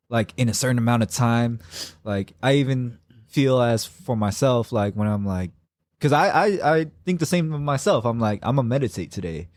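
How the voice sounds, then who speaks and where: A man's voice: mid-range voice, darkish tone, no echo, clean studio sound. A young man as a podcast guest, talking in a laid-back, agreeable way with many filler words. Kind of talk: casual chat.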